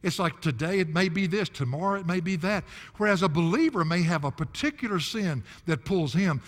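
An older man preaches in a folksy, emphatic way and breaks into chuckling asides. His voice sits a bit high for a man. It rings with a long echo in a large hall. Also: animated, fairly quick. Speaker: pastor. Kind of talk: expository sermon.

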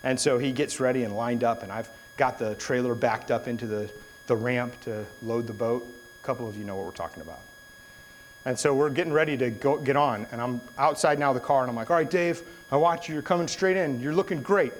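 A young adult man preaches a sermon in a mid-range, brisk voice, starting with a casually told story and turning it into an earnest exhortation. The recording is low quality, with slight background noise.

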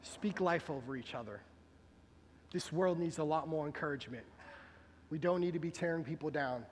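A man's voice: a little high, normal speed, in a large hall, a little hiss or hum. A man preaching a sermon as pastor, earnest and exhorting, repeating questions for emphasis. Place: church sanctuary.

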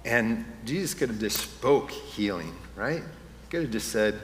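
In an echoey hall with faint room ambience and some background noise, a pastor preaches in a fairly low, lively voice at an unhurried pace. He starts out conversational and builds to impassioned emphasis.

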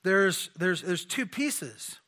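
Slow, bright-voiced male preacher. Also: high voice, sing-song. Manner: conversational, rhetorical questions, repeats words. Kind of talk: sermon.

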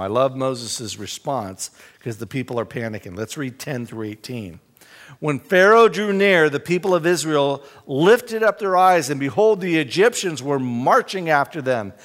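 A man teaching a Bible study in a conversational way, reading scripture aloud with emphasis. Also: on the high side. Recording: long reverb in a hall.

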